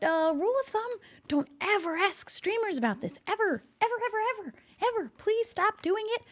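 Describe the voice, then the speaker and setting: A woman streamer chatting casually with her live viewers, laughing often and talking to her cat between thoughts. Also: high voice.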